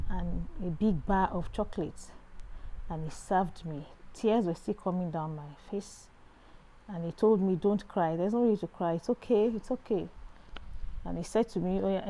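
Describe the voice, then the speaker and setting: A middle-aged woman with a Nigerian accent, sharing a personal Christian testimony in an earnest storytelling way with animated exclamations. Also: lowish voice, rough recording.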